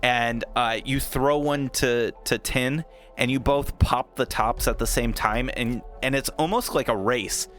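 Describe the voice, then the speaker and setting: A man's voice: mid-range voice, measured pace, a bit bright, soft background music. A man narrating a tabletop game as dungeon master, casual and laughing often, with many fillers.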